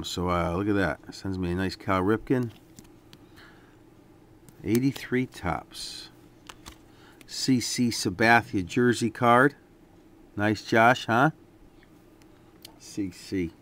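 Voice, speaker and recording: A man casually talking through a stack of sports trading cards, relaxed and rambling with lots of fillers. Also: fairly low pitch, slight background noise. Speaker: card collector vlogger. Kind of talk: casual unboxing commentary.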